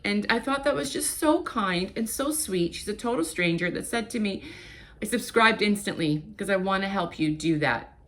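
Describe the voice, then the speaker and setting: A woman's voice: medium pitch, moderate pace. A woman in her late fifties, born in Portugal and raised in Canada, talking candidly to her viewers in a rambling, open way with frequent restarts. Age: 50s. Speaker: YouTuber. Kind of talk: casual chat to camera.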